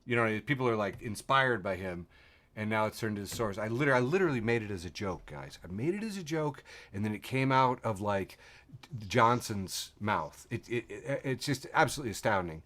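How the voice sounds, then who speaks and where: A podcast host with a lowish, slightly bright voice talks fast and animatedly over a video call. He rambles sardonically through news items and memes, swearing freely and chuckling often.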